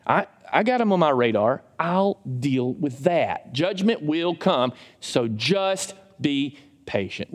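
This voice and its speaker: A middle-aged man preaches in a church sanctuary, his slightly high voice swinging widely in pitch as he makes his points. He talks to the congregation in an emphatic, conversational way, and long reverb trails his words through the hall. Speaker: pastor. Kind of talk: sermon.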